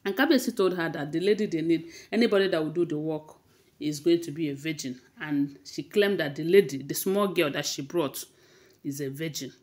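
A woman's voice: low voice, a little fast, darkish tone. A woman with a Nigerian accent casually retelling celebrity gossip, with frequent hesitations and restarts. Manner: hesitant, many fillers and restarts, conversational retelling.

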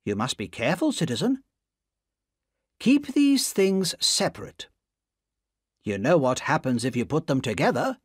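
A wary shopkeeper, as a man reading the story puts him on, giving a cautious warning in a raised, lively voice. The sound is dry and close. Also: a little high, a little slow, long pauses, husky, no room sound, voice pushed up, full character voice.

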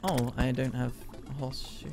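A man's voice: mid-range voice, fairly even intonation, normal speed, gravelly, heavy background noise. A man streaming a game, bantering with his chat and mock-scolding them between plays. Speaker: gaming streamer. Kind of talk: gameplay commentary. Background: game music.

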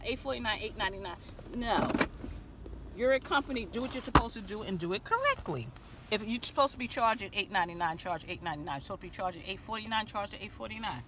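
A woman vlogging from her car, telling a story in an animated way and acting out the dialogue. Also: a little high, a little hiss or hum. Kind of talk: car vlog rant. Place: inside a parked car.

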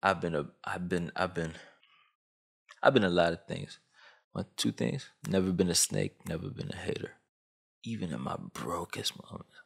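A man's voice: normal speed, creaky, breathy edge. A man in his twenties from Canada, a YouTuber delivering a comedic, slangy commentary rant. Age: 20s. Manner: animated, swooping pitch, slangy.

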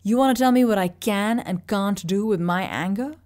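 A woman voicing a hot-tempered, defiant young man who shouts and swears. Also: medium pitch, normal speed, lightly acted. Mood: angry. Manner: shouting, spitting insults.

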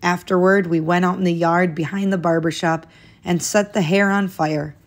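A woman with a slightly low voice reads a children's picture book aloud at normal speed. Her reading is gentle and expressive, and her voice lifts brightly at each new day and every exclamation.

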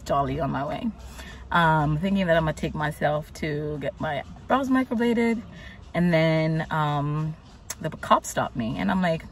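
A woman's voice: sits low, unhurried, recorded from a distance, slight background noise. A woman vlogger casually recounting her week, exasperated and chatty, full of "like"s. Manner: chatty, exasperated retelling with many "like"s. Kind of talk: casual storytelling vlog.

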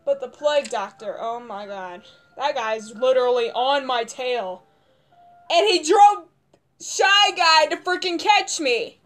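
A young woman with a very high, piping voice narrates her gameplay in a frantic, panicky rush, going hoarse from all the yelling. Faint music plays quietly behind her. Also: animated, unhurried. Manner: panicked screaming and rambling. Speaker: gamer. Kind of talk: gameplay commentary.

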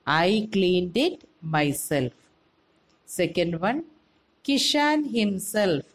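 A woman with an Indian English accent teaching a grammar lesson to children, explaining slowly and clearly and asking them questions. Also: lowish voice, low-quality recording.

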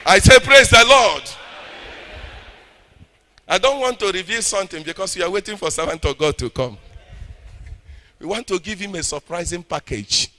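A man with a Nigerian accent preaching a sermon, fervent, swinging between loud shouting and low intense speech and calling for the audience to respond. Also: lively intonation, fairly quick.

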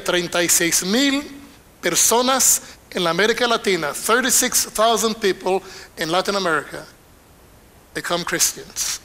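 High, bright-voiced older bilingual preacher. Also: male voice. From Panama. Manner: switches between Spanish and English line by line, animated. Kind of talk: bilingual sermon.

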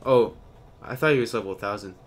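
A man hosting his own gaming channel, giving live gameplay commentary with an excitable manner, loud outbursts and goofy banter. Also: fairly low pitch, fast, slight background noise. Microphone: webcam or desk mic.

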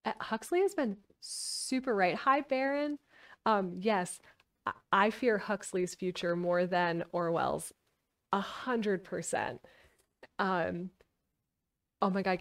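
A woman's voice: on the low side, a little slow, distant mic. Chatty woman streamer, a bit off-mic. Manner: chatty, giggly, trailing off with fillers. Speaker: streamer reading aloud. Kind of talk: casual chat and book reading.

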